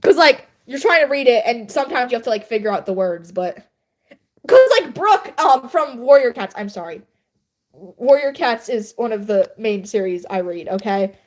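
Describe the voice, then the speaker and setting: A woman's voice: a little high, animated, normal speed. A young woman livestreaming, chatting casually and laughing at herself while editing her writing. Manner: self-deprecating, chatty, laughs often. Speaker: livestreamer and writer.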